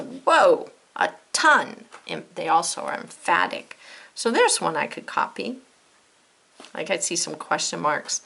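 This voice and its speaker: A woman teaching a lesson to young children, animated and encouraging as she talks straight to them. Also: lowish voice, gravelly. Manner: animated, encouraging, speaks directly to kids.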